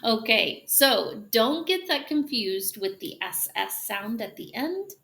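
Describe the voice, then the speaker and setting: A woman teaching English pronunciation, demonstrating sounds slowly and drawing out hushing noises. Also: on the high side, very animated, gravelly. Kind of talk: pronunciation lesson.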